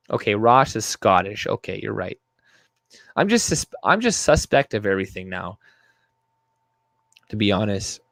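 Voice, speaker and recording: A man's voice: medium pitch, no room sound, clean studio sound. A young man hosting a live stream, ranting profanely and reading his chat aloud. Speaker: livestream host. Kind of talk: casual live-stream commentary.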